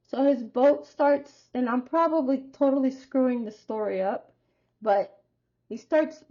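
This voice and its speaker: Woman with a high voice doing a chatty tarot reading, slow and rambly, kinda muffled audio. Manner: chatty, rambling, expressive storytelling. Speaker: tarot reader. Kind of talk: casual tarot reading to viewers.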